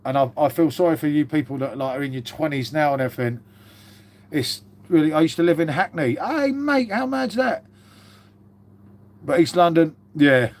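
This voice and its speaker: A man in his fifties talks on a casual live stream, his voice sitting a touch high for a man. He rambles from one story to the next, swears freely and tacks "mate" onto nearly every sentence. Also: steady tone, a little fast, darkish tone. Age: 50s.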